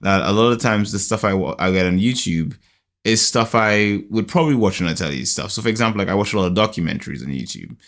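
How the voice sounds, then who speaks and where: A man's voice: fairly low pitch, expressive, fast, a bit bright. A man from the United Kingdom hosting a podcast in casual chat, rambling with lots of fillers, in a groggy morning voice. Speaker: podcast host.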